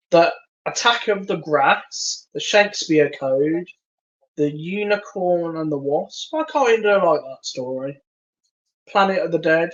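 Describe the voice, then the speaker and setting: A man's voice: a little high, lo-fi sound. A man co-hosting a podcast, reading out trivia in a hesitant, casual way. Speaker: podcast co-host. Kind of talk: casual chat.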